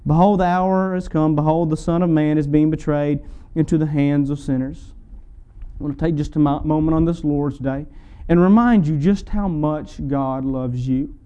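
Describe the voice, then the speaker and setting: A man's voice: a little high, fairly even intonation, normal speed, mellow, clean tone, lo-fi sound. A man preaching a sermon, building with emphatic repetition and rising fervor. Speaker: pastor.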